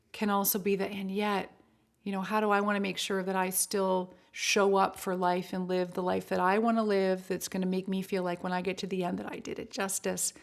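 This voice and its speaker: A woman talking as a podcast guest, animated and chatty, with many fillers and quick bursts of speech. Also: medium pitch, creaky. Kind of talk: casual interview chat.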